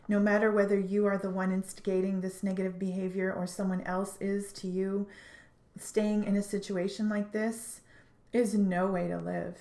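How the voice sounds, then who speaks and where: A woman giving a spiritual tarot reading in an earnest, halting way, often restarting her sentences. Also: medium pitch, creaky, dark tone. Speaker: tarot reader. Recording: echoey room.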